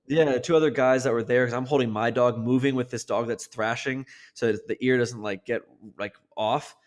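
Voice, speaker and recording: A man co-hosting a casual podcast, telling a story in an animated way and swearing freely. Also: mid-range voice, moderate pace. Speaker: podcast co-host.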